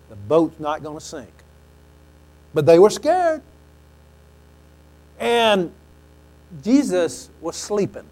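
A man preaching a sermon, telling stories animatedly and acting out quoted lines, often clearing his throat. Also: high voice, a little mellow, low-quality recording.

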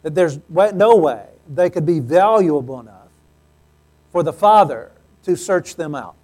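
A man with a fairly high speaking voice delivers a sermon from the pulpit. He keeps it conversational, dropping in light jokes between his points. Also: expressive, a little slow, a little mellow. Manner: conversational, with joking asides. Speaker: pastor.

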